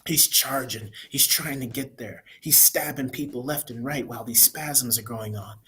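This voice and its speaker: A man's voice: medium pitch, moderate pace, bright, forceful tone. A man giving a casual, rambling spoiler review of a movie, blunt and opinionated, often tacking "man" onto his sentences.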